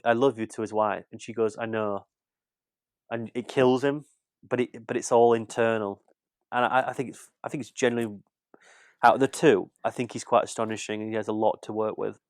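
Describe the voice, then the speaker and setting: A British man with a middle pitch in a relaxed podcast chat about film. He rambles and repeats words as he thinks aloud. The sound is close and dry, with no room around it. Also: no room sound. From Britain. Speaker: podcast co-host, film critic. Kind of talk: casual chat.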